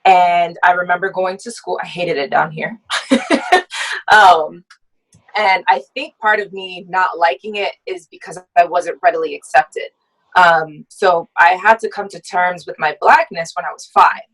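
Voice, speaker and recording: A young woman, a podcast guest, telling her own story reflectively with many hesitant pauses. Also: lowish voice, fairly bright tone, low-quality recording. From United States. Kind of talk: personal storytelling in a podcast conversation.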